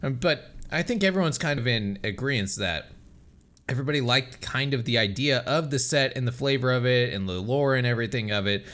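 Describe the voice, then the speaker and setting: A man's voice: medium pitch, a little fast, a bit bright. A man co-hosting a casual podcast, ranting and laughing often between phrases. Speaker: podcast co-host.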